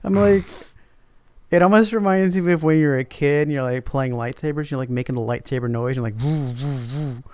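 Playful man with a smooth voice. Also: on the high side, fairly even intonation, quick pace, darkish tone, dry recording. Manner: playful, jokey comparisons. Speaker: podcast co-host. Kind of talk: casual book discussion.

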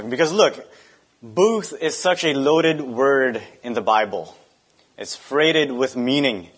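A young adult man preaches a sermon in an easy, conversational way. He asks his listeners frequent rhetorical questions and slips in personal asides. His voice sits at an ordinary middle pitch. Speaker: pastor.

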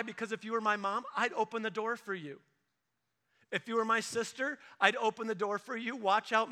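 A man preaching a sermon in a lively, conversational way, acting out stories from family life. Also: high-pitched. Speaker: pastor. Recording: echoey hall reverb.

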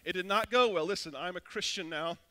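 Bright, high-pitched male pastor preaching. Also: fairly quick. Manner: casual, animated storytelling with frequent restarts. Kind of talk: sermon with personal storytelling.

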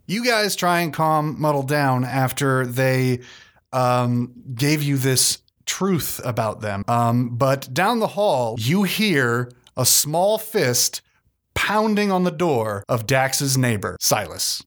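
A man's voice: mid-range voice, lively intonation, slow pace, fairly bright tone. A man narrating a tabletop game as game master, in a loose, chatty way with many fillers.

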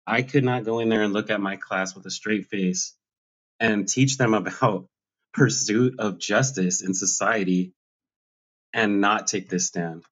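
A man's voice: on the low side, unhurried, a bit bright. A man, a schoolteacher, explaining his stand in a resolute, principled way. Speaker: striking schoolteacher. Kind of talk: conversational interview answers. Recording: slightly dull lo-fi sound.

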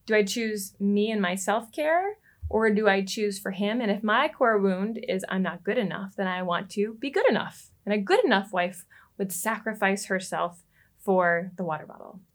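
A woman, a relationship coach, telling a personal story as a podcast guest, lively and quick to laugh. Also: medium pitch. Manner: animated, laughs often and acts out quoted lines.

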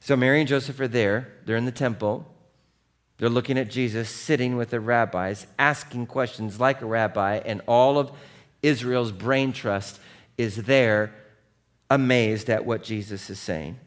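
A male pastor preaching in a mid-range voice. He moves between hushed, earnest reflection and lively, conversational storytelling, slipping into playful impressions. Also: medium pitch, measured pace. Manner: soft, quiet and earnest in reflective passages. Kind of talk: sermon.

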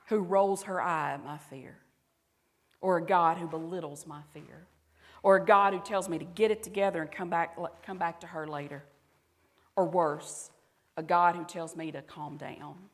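In the long-echoing space of a church hall, a Southern US woman pastor preaches conversationally to her congregation. Her fairly low voice moves a little slowly and at times softens into intimate tones.

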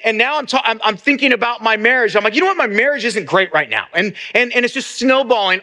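Pastor, middle-aged man, earnest sermon delivery, high bright voice. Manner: earnest, repeats words as he restarts.

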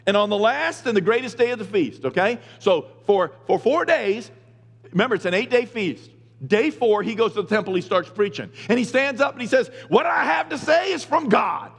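A male pastor preaching a sermon, retelling scripture in casual slang and building to emphatic shouts. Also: high-pitched, animated, brisk. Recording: long reverb of a large hall.

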